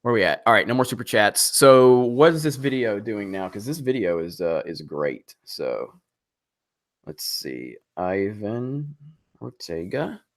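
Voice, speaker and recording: Chatty Southern US live stream host. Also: male voice, on the low side, very animated, measured pace. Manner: rambling, laughs easily, chatty. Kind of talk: casual live stream chat.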